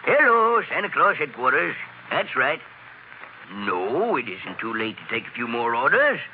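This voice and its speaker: A man's voice: medium pitch, very animated, a little slow, a little hiss or hum. An older man playing a kindly, busy Santa Claus who talks heartily with chuckles in a 1940s radio drama. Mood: jolly. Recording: tinny old radio recording.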